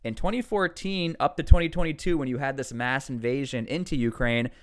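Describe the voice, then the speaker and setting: A man giving casual commentary on world news, reading out article passages and reacting to them, his pitch jumping up on words he stresses. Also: brisk. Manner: animated, rises sharply on key words; reads out article text between remarks.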